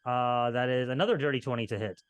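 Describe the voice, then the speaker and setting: A man's voice: mid-range voice, quick pace, slight background noise. A man running a tabletop game as game master, narrating in a loose, filler-heavy way.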